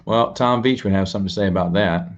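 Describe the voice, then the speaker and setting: Speaking quickly in a deep voice, this live-stream show host rambles casually, restarts his sentences, talks straight to viewers and reads out their donations. The audio is lo-fi.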